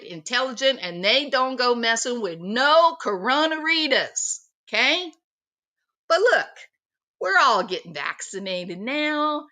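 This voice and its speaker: Woman host, sarcastic opinion monologue, bright and lively pitch, unhurried. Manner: sarcastic, mocking impressions. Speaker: commentary channel host.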